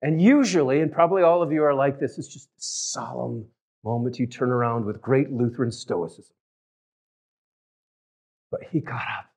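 A male pastor preaching, his voice rising loud on key phrases and dropping to a hush on tender ones. His pitch sits mid-range. He talks in a storytelling way and drifts off the mic now and then. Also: moderate pace, husky. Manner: storytelling with big swings from loud to hushed. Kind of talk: sermon.

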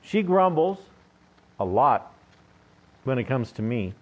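A man's voice: medium pitch, big pitch swings, slow pace. An older man preaching a sermon in a conversational, joking way, often asking his listeners questions. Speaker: pastor. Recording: dull lo-fi recording.

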